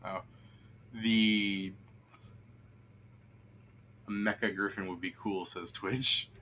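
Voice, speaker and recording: Bright-toned man running a tabletop game. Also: sits low, steady tone, drawn-out words, a little hiss or hum. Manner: rambling, laughing, with many fillers. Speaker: game master. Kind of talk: narrating a tabletop game on a stream.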